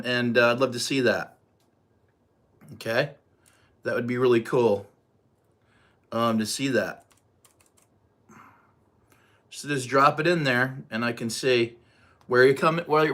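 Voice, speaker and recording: A man's voice: mid-range voice, sharp tone. A man in his sixties from the United States, hosting a casual livestream, talking to the chat in a rambling, repetitive way that turns heated and emphatic. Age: 60s. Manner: rambling, repeats himself, gets heated and emphatic. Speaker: livestream host.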